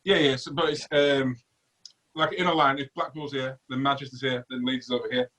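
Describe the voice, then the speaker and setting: A man with a Yorkshire accent, chatting as a guest on a video call, rambling and hesitant with many pauses and digressions. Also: mid-range voice, little pitch movement, a bit bright, rough recording. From Yorkshire, England. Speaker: magician guest.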